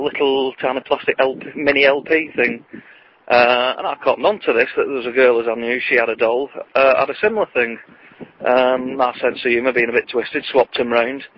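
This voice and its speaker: A middle-aged man, chatting and telling jokes while out on a walk, deadpan and rambling. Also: mid-range voice, breathy edge, lo-fi sound. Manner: chatty, deadpan, puts on voices for joke characters. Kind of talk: rambling joke-telling vlog. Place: outdoors on a walk.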